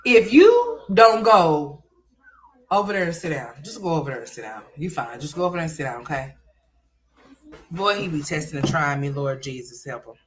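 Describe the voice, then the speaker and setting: A woman hosting a casual livestream chat, loud and scolding one moment and joking the next. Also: deep voice, expressive, fast, a little hiss or hum. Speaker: livestream host.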